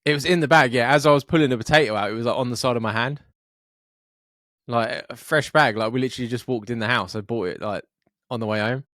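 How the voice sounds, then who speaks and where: A Scottish man co-hosting a podcast, telling sweary, animated anecdotes in casual chat. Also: mid-range voice, fast, no room sound, studio quality. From Scotland, Fife. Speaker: podcast co-host.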